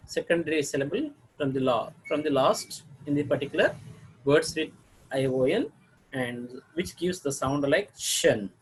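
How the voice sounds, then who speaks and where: A man with an Indian English accent giving a video lesson on pronunciation, halting often to clear his throat. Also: on the high side, poor audio. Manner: halting, frequent throat clearing and filler sounds. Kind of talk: lecture-style video lesson.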